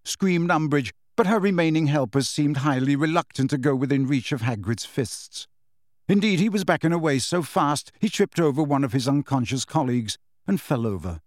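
A man narrating a story in a measured storytelling manner. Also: on the high side, expressive, no echo, clean studio sound. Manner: measured storytelling with shifting character voices. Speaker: audiobook narrator. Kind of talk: scripted narration.

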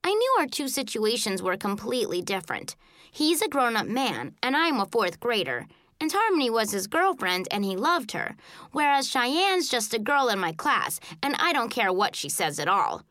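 A woman narrating a children's book in the first person, telling it in an expressive, childlike way. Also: fairly high pitch, moderate pace, dry recording, clean studio sound. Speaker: audiobook narrator.

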